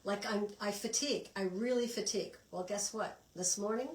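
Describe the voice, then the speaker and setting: A woman's voice: medium pitch, normal speed, hardly any pauses, echoey room, far from the mic, rough recording. A middle-aged woman from Canada leading a participatory wellness class, chatty and encouraging, often restarting her sentences. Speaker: wellness instructor.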